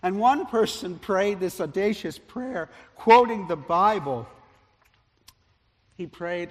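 A male pastor delivers a storytelling sermon in a somewhat high voice, growing loud at the dramatic points and dropping soft at the tender ones. His words ring out with the long reverb of a large church sanctuary. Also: takes it slowly. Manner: animated storyteller, loudness rising and falling with the story.

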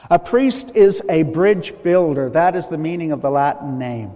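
A man preaching a sermon in a large church hall, measured and emphatic, with long pauses. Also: fairly high pitch, expressive, dark tone.

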